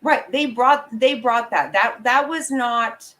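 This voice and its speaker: A woman with a somewhat high, slightly bright voice speaks slowly as she vents angry, profane opinions to her viewers in live vlog commentary. She is blunt and direct, and the recording is rough.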